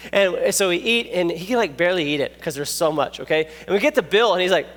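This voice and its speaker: A man preaching a youth sermon, animated and jokey, telling stories and checking in with the listeners. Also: high voice, fast. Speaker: youth pastor. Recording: long echoey hall reverb.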